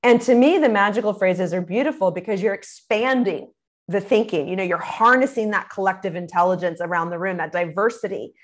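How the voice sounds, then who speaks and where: A woman's voice: medium pitch, a little fast. A middle-aged woman, a communication speaker, answering interview questions expressively, acting out quoted phrases and laughing easily.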